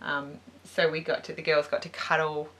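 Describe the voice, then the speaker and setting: An Australian woman hosts a relaxed vlog chat, speaking with eager enthusiasm. Her voice sits a little low but sounds bright and forward. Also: normal speed. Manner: enthusiastic, gushing. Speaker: beauty vlogger host. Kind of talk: casual chat.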